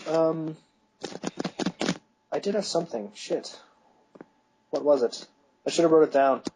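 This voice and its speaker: Co-hosting a podcast, a young man with a somewhat high, cracking voice rambles unhurriedly through stories from school, laughing at his own anecdotes. It's a casual chat with noticeable background noise.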